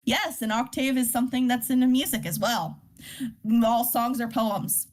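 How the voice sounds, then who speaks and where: In a slightly high voice at a moderate pace, a woman teaches poetry in a relaxed live workshop. Her explanations of terms are full of fillers and restarts, and she reads poems aloud between them.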